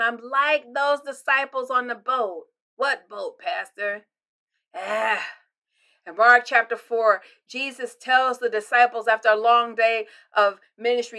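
An older woman pastor preaches a short devotional with a bright, ringing voice pitched a little high. Her delivery is expressive: she presses hard on key words, then drops to soft, breathy near-whispers. The tone is personal and direct. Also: unhurried. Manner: expressive, swinging from loud emphasis to hushed near-whispers. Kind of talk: devotional sermon.

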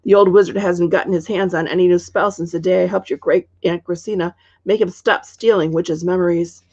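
A woman voicing a kind, motherly queen who is a witch, calm and reassuring, in a dull lo-fi recording. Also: on the low side, a little fast, slightly rough, no echo.

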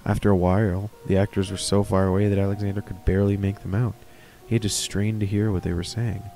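A man's voice: fairly low pitch, level tone, fast talker, gravelly, warm tone, soft background music. A man reading a horror story aloud, with casual, chatty asides. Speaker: reader of stories.

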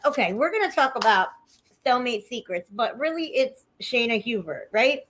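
A woman hosting a casual livestream, chatty and profane, greeting viewers by name as she tells stories. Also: medium pitch. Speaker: livestream host.

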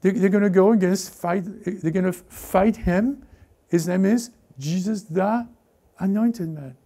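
A man preaching a lively sermon as pastor, often repeating himself and acting out what people say. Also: high-pitched, unhurried. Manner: animated, repeats words, acts out characters. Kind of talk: lively sermon with acted-out voices.

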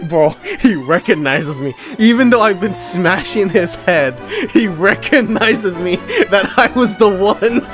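A young man giving excitable gameplay commentary, laughing, shouting and trash talking enemies over game music. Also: high voice, unhurried, few pauses. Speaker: gameplay streamer.

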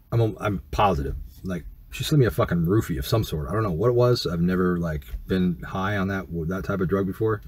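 A man's voice: low voice, slightly rough. A man telling a personal story in a casual, rambling, profane way, full of fillers and restarts.

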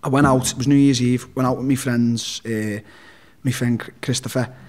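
A man's voice: mid-range voice, steady tone, normal speed, darkish tone. Blunt Liverpool-accented young man. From Liverpool, England. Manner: blunt, heavy swearing, frequent restarts. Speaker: interview guest. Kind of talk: candid storytelling in a podcast interview.

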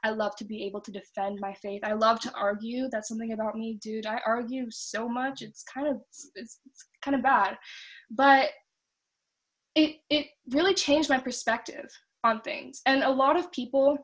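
A young woman with a fairly high voice shares her conversion story over a video call. She rambles and wanders off topic, and she laughs easily as she goes. Her tone stays casual and chatty throughout. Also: steady tone, moderate pace, a bit bright. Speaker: testimony speaker. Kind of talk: personal testimony on a video call.

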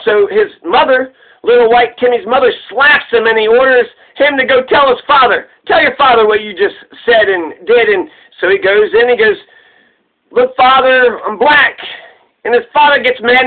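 High-voiced man on a tinny recording. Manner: rambling, profane, joking. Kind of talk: casual tribute commentary. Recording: tinny phone-like sound.

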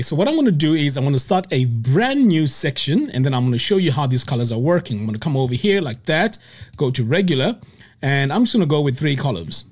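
A man teaching web design in a screen-recorded tutorial, explaining step by step and often checking in with "okay?". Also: medium pitch.

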